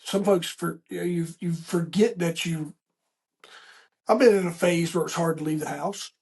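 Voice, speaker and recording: A man's voice: a little high, fairly even intonation, normal speed, a little mellow. A middle-aged man hosting a podcast interview, talking in a folksy, rambling way full of restarts. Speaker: podcast host. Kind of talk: casual interview chat.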